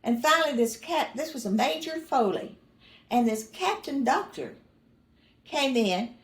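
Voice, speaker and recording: Older lady rambling through old family stories, kinda high voice, dry funny bits, echoey room. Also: lively intonation, measured pace. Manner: rambling, self-correcting, dry humor with chuckles. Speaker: mother recalling family stories. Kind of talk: casual personal storytelling.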